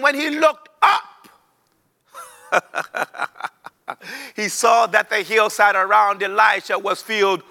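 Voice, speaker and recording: High-voiced, creaky, and sharp-toned, this preacher takes his time delivering a broadcast sermon. Reading from scripture, he repeats phrases for emphasis, climbs into chanted intensity, and has listeners echo lines back to him.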